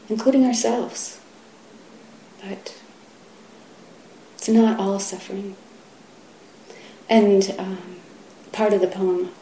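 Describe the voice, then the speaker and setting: Slow, gravelly middle-aged woman teacher. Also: mid-range voice, a little hiss or hum. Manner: soft and halting, often sinking to a whisper. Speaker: Zen teacher. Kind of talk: dharma talk. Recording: roomy hall echo, faint ambience.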